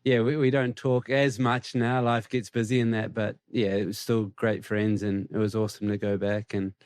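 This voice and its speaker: A middle-aged man with a New Zealand accent, a cricket coach answering interview questions in a relaxed, reflective and candid way. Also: on the low side, normal speed, clear, resonant tone, no room sound, studio quality.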